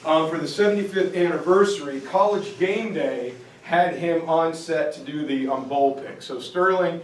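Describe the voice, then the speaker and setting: A man giving a history lecture to parents, telling stories in a casual, lively way. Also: fairly high pitch, moderate pace. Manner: casual, animated storytelling. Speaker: high school teacher giving a parent lecture. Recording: echoey room, distant mic, faint noise.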